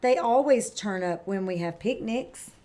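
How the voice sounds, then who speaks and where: A woman voicing a cheerful, curious little girl piglet in a storybook read-aloud, with a bright, eager voice. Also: mid-range voice, a little slow, lightly acted.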